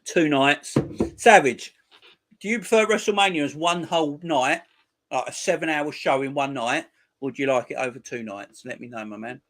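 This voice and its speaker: A man's voice: fairly high pitch, normal speed, a bit bright. A man in his forties hosting a football channel, chatting casually with viewers on a live stream in crude, mocking banter. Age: 40s.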